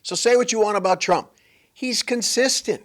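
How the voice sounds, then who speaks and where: A man's voice: sits high, normal speed, a bit bright. A man hosting a political commentary show, delivering an emphatic, sarcastic monologue. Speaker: host.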